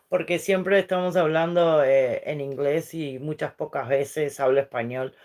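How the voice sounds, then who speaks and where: A middle-aged woman hosts a relaxed livestream chat with viewers. She talks at an unhurried pace and wanders from story to story. She drifts easily between English and her Spanish. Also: sits low. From Uruguay. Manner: rambling and chatty, switching between English and Spanish. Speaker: livestream host chatting with viewers. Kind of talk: casual live-stream chat.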